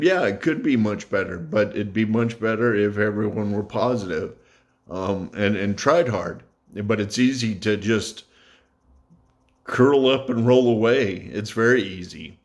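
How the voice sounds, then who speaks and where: A man talking to camera in an earnest, reflective way, pausing and correcting himself as he goes. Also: on the low side. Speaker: YouTube vlogger. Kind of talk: casual talk to camera.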